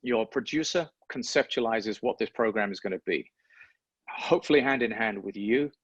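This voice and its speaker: In a dull, lo-fi recording without echo, a sports broadcaster speaks at a moderate pace in a fairly low, slightly rough voice. He talks reflectively during an interview and tends to repeat words as he thinks.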